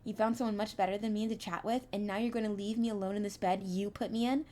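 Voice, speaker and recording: A woman's voice: medium pitch, steady tone, quick pace, a little mellow, natural voice. A woman voicing a clingy, jealous young girlfriend who is sick in bed, demanding and accusing.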